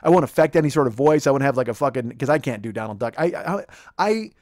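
A man's voice: medium pitch, lively intonation, quick pace, a little mellow, no echo, clean studio sound. A man in his forties hosting a comedy podcast, ranting in a rambling, profane way and mocking people with put-on quotes. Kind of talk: casual comedic chat. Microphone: close studio microphone.

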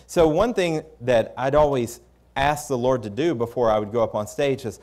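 A man's voice: medium pitch, moderate pace, darkish tone. Candid male preacher telling a story. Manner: conversational and candid, with frequent restarts. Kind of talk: storytelling sermon.

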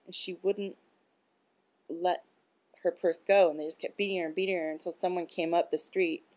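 A woman's voice: on the low side, steady tone, moderate pace, darkish tone. A woman talking in a rambling, casual monologue. She is blunt and profane, and she leans on filler words as she goes. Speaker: vlogger.

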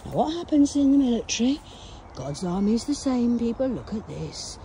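A woman talks to her phone camera outdoors at a cemetery, and her voice is hoarse, with coughs breaking in. She rambles in a loud, profane and agitated way, jumping from one topic to the next. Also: fairly high pitch, sing-song, normal speed, a little hiss or hum. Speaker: vlogger.

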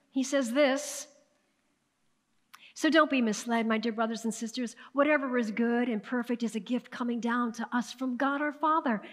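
A woman pastor preaching a sermon, calling out to the congregation, swinging from hushed asides to loud emphatic bursts. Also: a little high. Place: church sanctuary. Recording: long hall reverb of a church sanctuary.

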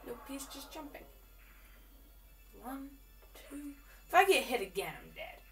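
An excitable woman chatting through a game as she plays, often repeating words in quick bursts. Her voice is fairly high and swoops up and down a lot. She sits back from the mic, with faint game music underneath. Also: distant mic. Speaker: gamer. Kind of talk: live game commentary.

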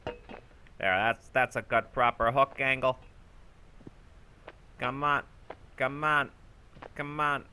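A man giving goofy, boastful let's-play commentary, shouting when excited, with game music behind. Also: mid-range voice, slow, pauses often, smooth. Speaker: gaming channel host.

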